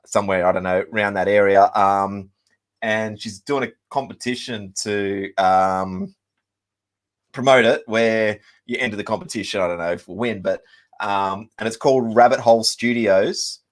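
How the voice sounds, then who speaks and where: A man's voice: on the low side, fairly even intonation, moderate pace. Laid-back Australian man telling a story. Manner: rambling storyteller with many ums and laughs. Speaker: musician and show host. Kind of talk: casual chat.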